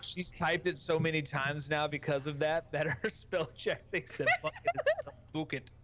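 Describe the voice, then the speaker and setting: A man's voice: fairly high pitch, big pitch swings, normal speed, fairly bright tone, a little hiss or hum. A man, a guest streamer, chatting casually in a crude, jokey way with frequent swearing. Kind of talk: casual podcast chat.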